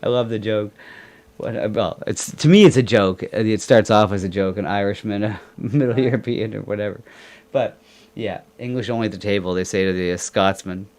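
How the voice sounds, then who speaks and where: A man's voice: lowish voice, normal speed, darkish tone. A man from Ireland hosting a casual chat show, joking and laughing often as he rambles. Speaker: podcast host.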